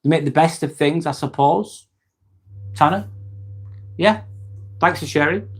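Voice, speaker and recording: East Lancashire man, livestream host; relaxed, matey, slightly high-pitched, casual swearing. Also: a little slow, husky. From Northwest England. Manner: laid-back, chummy, calls people "mate", swears freely. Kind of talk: casual live chat, reading viewer comments.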